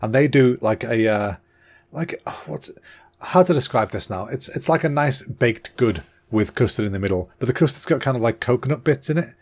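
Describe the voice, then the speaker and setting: This is a man, hosting a casual solo podcast. His voice sits at an ordinary pitch for a man. He talks in an excitable, rambling way, a little out of breath, with a throat that sounds slightly clogged. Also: normal speed. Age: 30s. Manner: chatty and excitable, with fillers and restarts. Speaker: podcast host.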